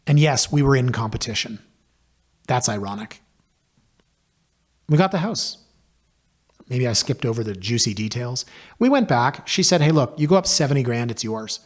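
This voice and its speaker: A man, a podcast host telling a personal story in a wry, self-deprecating way. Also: medium pitch. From Canada. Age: 40s.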